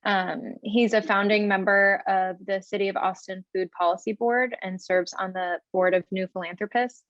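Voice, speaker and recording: A woman's voice: mid-range voice, fairly even intonation, moderate pace, fairly bright tone, dry recording, muffled recording. A young woman student officer reading announcements and introducing a guest over a video call, with a few hesitant ums. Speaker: student group officer, moderator.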